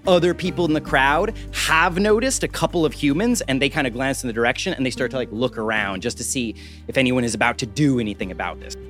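A man narrating a tabletop game as game master, playful and animated. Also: medium pitch, fast talker, soft background music.

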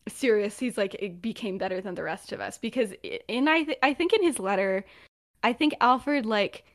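A woman's voice: medium pitch, lively intonation, moderate pace. A young woman co-hosting a podcast, retelling a story in casual chat, rambling with lots of fillers and acting out the quotes. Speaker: podcast co-host.

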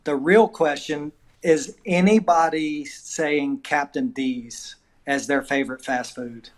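A man's voice: a little high, slow. A man with a Southern accent, a wrestling coach chatting casually on a podcast and telling laid-back stories. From Southern US, Georgia.

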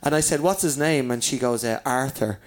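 A man's voice: medium pitch, brisk. A man, a comedian telling stories in a casual chat, swearing freely and acting out the people in his tales. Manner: swears freely, animated storyteller acting out voices. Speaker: comedian guest. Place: downstairs in a pub.

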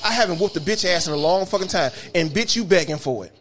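A man's voice: high-pitched, fast, hardly any pauses, crowd noise. A man, a bus driver telling profane stories on a casual podcast and acting out the quotes. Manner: animated, profane, acts out quotes.

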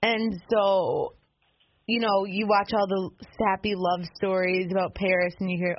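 A woman co-hosting a casual radio chat, talking in a chatty way with quick reactions. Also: medium pitch, fairly even intonation. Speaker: co-host. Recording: dull lo-fi radio audio with faint noise.

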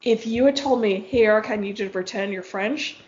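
A woman's voice: medium pitch, a little fast, darkish tone, lo-fi sound. A woman hosting a podcast, telling a story in a casual, rambling way with plenty of fillers and frank swearing. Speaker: podcast host.

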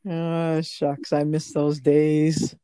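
A woman's voice: low-pitched, level tone, extremely slow, warm tone, smooth, no echo. An older woman, the host's mother and a guest on his podcast, looking back on family memories and chuckling often. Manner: chuckling, reminiscing. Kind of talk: casual family storytelling.

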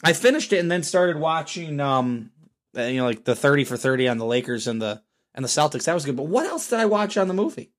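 A man hosting a casual solo podcast, hoarse from screaming, telling stories with lots of laughter. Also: fairly high pitch, fast talker. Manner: animated storyteller, laughs often. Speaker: podcast host.

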